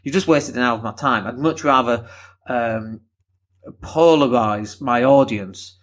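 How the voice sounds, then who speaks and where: A man from Leeds with a softened Northern English accent, rambling candidly through a solo podcast with the odd swear. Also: medium pitch, measured pace, slight background noise. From Leeds, England. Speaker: podcast host.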